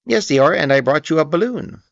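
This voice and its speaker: A man voicing a timid, anxious little male piglet who stammers in a high squeaky voice, in a storybook reading. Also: expressive, moderate pace, gravelly, no room sound. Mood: nervous. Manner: stammering, nervous. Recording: dull lo-fi recording.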